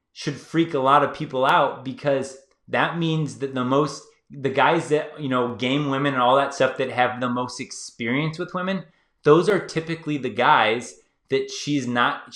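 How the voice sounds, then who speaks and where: A man runs his own YouTube channel, and here he gives viewers a casual, rambling advice monologue sprinkled with fillers. His voice is medium in pitch and fairly bright, with reverberation around it.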